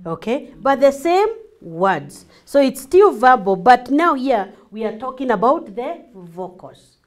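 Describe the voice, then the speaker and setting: A woman with a Kenyan accent teaching a class as a marriage coach, acting out lively examples and slipping in Swahili. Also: a little high, measured pace. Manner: animated, acts out examples, mixes in Swahili.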